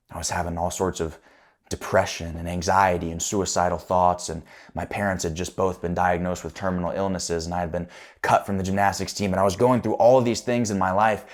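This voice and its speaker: A man delivers a motivational speech as a coach, in a lowish voice. He pushes his points hard, building into loud, impassioned stretches.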